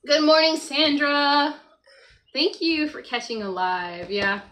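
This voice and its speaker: A woman's voice: sits high, takes it slowly, a bit bright, rough recording. A woman hosting a casual morning livestream at home, chatting to viewers, reading the chat aloud and talking to her child beside her. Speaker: livestream host. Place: at home by a computer.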